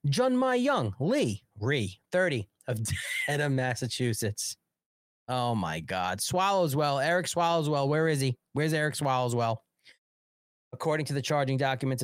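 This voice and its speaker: A male talk show host reads news aloud, then breaks off into crude, sarcastic riffs. His pitch leaps and drops with lively swings. The sound is close and dry, with no room around it. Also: no echo. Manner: crude, mocking, sarcastic rant. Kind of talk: live political talk show monologue.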